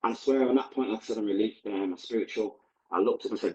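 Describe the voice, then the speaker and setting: Man, podcast guest, blunt vivid storyteller, lowish voice, muffled sound. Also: fast, echoey room. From Manchester, England. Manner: candid, vivid, blunt present-tense recounting. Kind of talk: personal storytelling.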